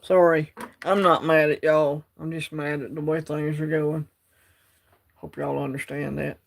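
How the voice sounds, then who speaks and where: A man talks into his phone on a casual livestream, drawling and wandering from point to point as he answers the chat. His voice sits a bit higher than most men's. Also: flat delivery, unhurried, creaky. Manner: rambling, drawling, reads chat aloud. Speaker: livestream host.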